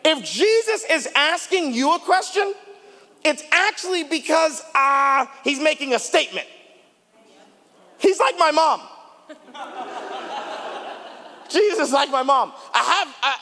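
A male pastor preaching a sermon, chatty with the congregation and rising into shouted appeals. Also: extremely high pitch, takes it slowly, pauses often. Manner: animated preaching, building to shouts, banters with congregation. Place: church sanctuary. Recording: long reverb of a large church hall.

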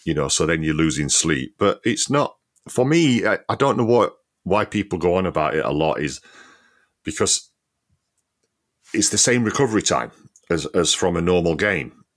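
Deep-voiced guy chatting football on a podcast, laid back, lots of "you know"s. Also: lively intonation, moderate pace, pauses often. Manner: easygoing, many "you know" fillers, laughs often. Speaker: podcast co-host, former player. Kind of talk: casual football chat.

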